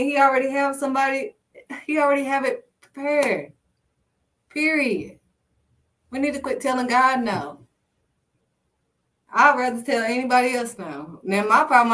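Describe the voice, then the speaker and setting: A woman's voice: high-pitched, moderate pace, pauses often, fairly bright tone. Woman w/ preaching, emphatic, kinda far from the mic. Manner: emphatic, repetitive, conversational. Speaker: faith video host. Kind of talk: informal preaching monologue.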